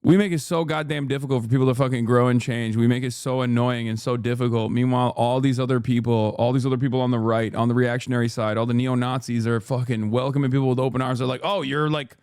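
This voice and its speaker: A man's voice: mid-range voice, little pitch movement, fast, hardly any pauses, darkish tone, smooth, no room sound, studio quality. A man ranting on a live stream, profane and heated, mocking others by putting on voices for their quotes. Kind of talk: live stream reaction rant.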